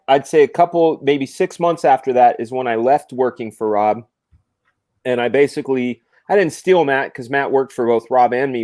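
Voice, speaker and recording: A man's voice: medium pitch, darkish tone, no echo, clean studio sound. A man hosting a casual chat, telling rambling, joking stories with the odd swear word. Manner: loose, swearing, laughing anecdotes. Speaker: show host, comic artist.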